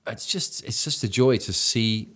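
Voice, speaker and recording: An English church leader co-hosts a casual talk show, speaking enthusiastically while searching for words and often restarting his sentences. His mid-range voice is slightly bright and unhurried.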